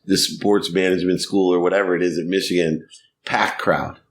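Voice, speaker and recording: A middle-aged man telling animated stories as a guest on a podcast interview. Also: deep voice, a little fast. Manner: animated, laughing storyteller. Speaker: guest, sports marketing executive.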